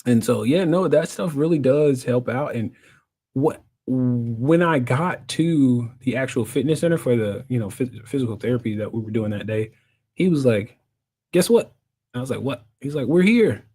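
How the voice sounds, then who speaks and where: Mellow and slightly rough, a thirtysomething man's mid-range voice moves at a normal speed as he shares a personal story as a guest. His animated telling is jokey, with frequent laughter and impressions of the other people.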